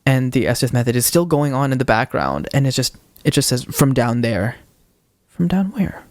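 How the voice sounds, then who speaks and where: A young man on a podcast, retelling a ghost-hunting video with animated quoted voices in casual storytelling. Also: mid-range voice, a little fast, no echo. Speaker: podcast co-host.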